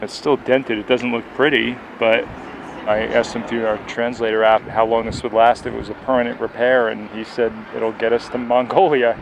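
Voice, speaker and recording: Gravelly man talking outside a garage. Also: medium pitch, level tone, moderate pace. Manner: candid, unsure, thinking aloud. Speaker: traveler recording on the road. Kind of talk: casual on-the-spot commentary. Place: outdoors at a roadside garage. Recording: field recording with traffic noise.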